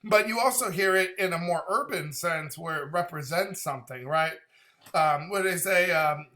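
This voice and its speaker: Bright-voiced man hosting a reaction vlog. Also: a little high, normal speed. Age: 30s. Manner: animated, talkative, breaks into impressions. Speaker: music reaction channel host. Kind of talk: casual reaction vlog chat.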